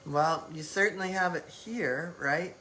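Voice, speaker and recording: A woman's voice: on the low side, measured pace, fairly bright tone, slight background noise, poor audio. A woman hosting a live-stream talk, speaking reflectively in loose phrasing with many fillers. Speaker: host.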